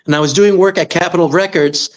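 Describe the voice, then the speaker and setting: Middle-aged male storyteller guest, fairly high voice, lively, slips into quoted voices. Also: quick pace. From Los Angeles. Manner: animated, acts out quoted voices. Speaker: musician guest. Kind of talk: storytelling in interview.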